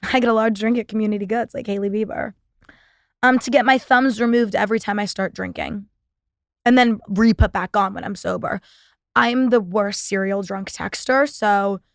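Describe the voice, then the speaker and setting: A woman's voice: medium pitch, no echo, studio quality. A young woman hosting a podcast, talking in a sarcastic, profane, rambling casual monologue. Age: young adult. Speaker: podcast host.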